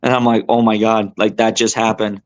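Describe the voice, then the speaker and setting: A young man, a tournament angler, telling a story as a podcast guest in a rambling, animated way with many fillers and restarts. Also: lowish voice, brisk. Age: young adult. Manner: animated, rambling, lots of fillers and self-corrections.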